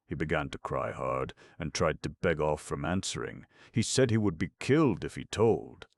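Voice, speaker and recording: A man reading an audiobook in a measured, deadpan way. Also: very deep voice, creaky, no echo, clean studio sound. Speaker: audiobook narrator. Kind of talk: scripted narration.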